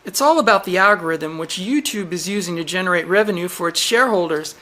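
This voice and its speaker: A woman hosting her own channel. She rants with exasperation, reads quoted text out flatly, and breaks into incredulous, swearing outbursts. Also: fairly low pitch, fast, hardly any pauses. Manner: reads out quotes flatly, then reacts sharply. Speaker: channel host. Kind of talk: ranting vlog commentary.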